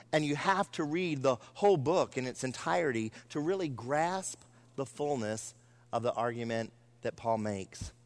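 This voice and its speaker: A middle-aged man preaching a sermon to his church as one of its pastors, earnest, with shifting pace and emphasis. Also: medium pitch. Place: church sanctuary.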